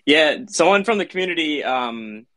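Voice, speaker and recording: Bright-voiced man hosting a casual chat. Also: fairly high pitch, expressive, moderate pace. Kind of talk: casual chat on a live audio space.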